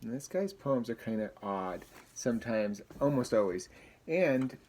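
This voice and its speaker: A man's voice: medium pitch, expressive, a little slow, a little mellow, slight background noise. Man reading aloud to kids. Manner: friendly, chatty asides between reading. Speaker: teacher.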